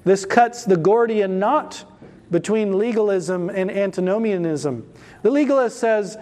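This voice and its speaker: Brief: male preacher, high voice, emphatic sermon delivery that slows down for key words. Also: expressive, a little mellow, long reverb tail. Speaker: pastor.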